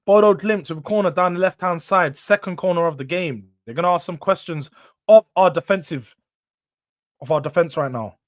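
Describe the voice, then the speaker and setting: A young man hosting a live football watchalong, chatting casually and excitably while yawning tiredly between bursts of reaction. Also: normal speed, no echo, studio quality. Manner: excitable, swings between hype and low-key mumbling, slangy. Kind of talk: casual live match commentary and chat.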